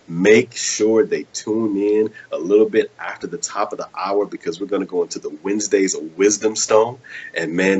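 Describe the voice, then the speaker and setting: The recording is muffled, and the man's low voice has a breathy edge as he hosts a live web show. His storytelling is casual and animated, with quotes acted out and "man" dropped into nearly every sentence.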